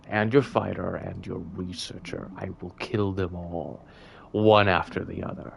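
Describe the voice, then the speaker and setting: A man voicing a cruel, threatening villain king in a video game, speaking slowly and in a hushed tone. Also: low-pitched, vocal fry, a little hiss or hum, pitched below the performer's own voice, exaggerated voice.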